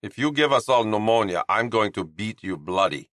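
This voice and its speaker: A man voicing a blunt, gruff male hockey teammate with a faint Russian accent. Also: on the low side, animated, normal speed, a bit bright, dry recording, clean studio sound. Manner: blunt, threatening.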